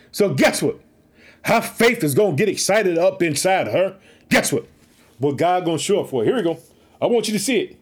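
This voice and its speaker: A man preaching with excitement, reading a Bible story aloud and repeatedly urging listeners to trust God. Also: sits high, moderate pace, long pauses, slightly rough.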